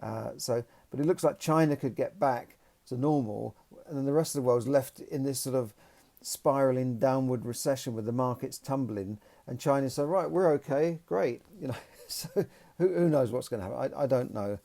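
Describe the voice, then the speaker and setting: A man's voice: mid-range voice, normal speed, creaky, warm tone. A man hosting a solo podcast, commenting in a rambling, opinionated way. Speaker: podcast host.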